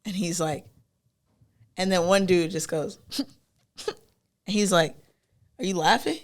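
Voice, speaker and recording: A young woman sits in on a podcast as a guest and tells a long story in relaxed chat. She acts out each person she quotes, and her voice stays lively throughout. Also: lowish voice, takes it slowly. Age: young adult.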